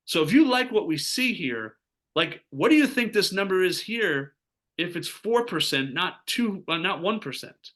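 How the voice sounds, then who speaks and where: A man talking as a financial advisor, getting fired up as he pitches a strategy, asking rhetorical questions and acting out what clients say. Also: big pitch swings, moderate pace, fairly bright tone. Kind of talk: energetic sales pitch talk.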